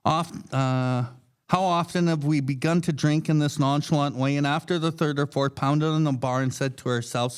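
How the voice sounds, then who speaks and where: A man's voice: fairly high pitch, moderate pace, clear, resonant tone. Blunt, swearing man leading a book study. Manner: blunt, heavy swearing, acts out his own inner voice. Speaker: podcast co-host leading a recovery book study. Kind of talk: casual teaching talk.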